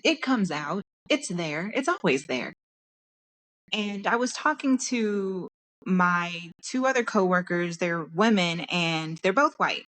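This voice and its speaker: A woman's voice: lowish voice, animated, takes it slowly, a bit bright. A young woman from Dallas with a Texan accent, talking candidly and passionately in a personal podcast monologue, often restarting her sentences. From Dallas, Texas. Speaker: podcast host.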